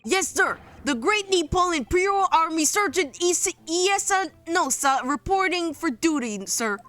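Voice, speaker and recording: A woman's voice: very high voice, expressive, measured pace, fairly bright tone, faint music behind, pitched above the performer's own voice, exaggerated voice. A woman voicing a stiff young male army sergeant who reports in a barked military way. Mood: eager.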